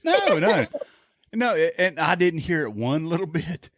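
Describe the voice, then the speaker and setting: Man, co-host, animated delivery, dry close sound, teasing storyteller. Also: a little high, a little slow, no echo. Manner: teasing, laughs at his own jokes. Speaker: podcast co-host. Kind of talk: casual chat.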